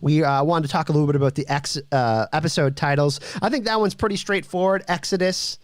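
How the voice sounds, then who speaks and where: A man's voice: on the high side, fast talker, no echo, studio quality. A man hosting a casual TV review chat, rambling and laughing as he corrects himself. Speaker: show host.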